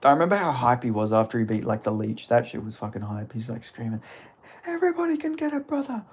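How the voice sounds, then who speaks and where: A man's voice: lowish voice, fast, slightly rough. A man chatting casually as a streamer, loose and rambling, with some swearing. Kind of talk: casual chat.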